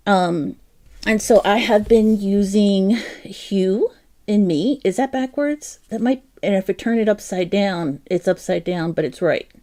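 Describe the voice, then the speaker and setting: A woman's voice: a little high, creaky, dark tone. A woman with a South Jersey accent hosting a crochet livestream, chatty and self-deprecating, laughing often and talking to her viewers by name. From New Jersey. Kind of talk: casual live-stream chat.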